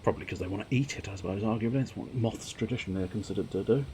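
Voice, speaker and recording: Low-voiced man with wry rambling commentary. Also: racing, a little mellow, a little hiss or hum. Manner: rambling, wry and profane, reads on-screen text aloud. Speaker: game streamer. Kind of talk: casual gameplay commentary.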